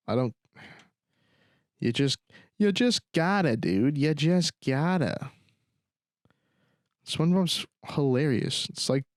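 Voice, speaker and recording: A man's voice: medium pitch, dry recording, clean studio sound. Slangy young man ranting sarcastically. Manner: slangy, repeats "dude" and "bro", sarcastic. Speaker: podcast host. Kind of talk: solo casual rant.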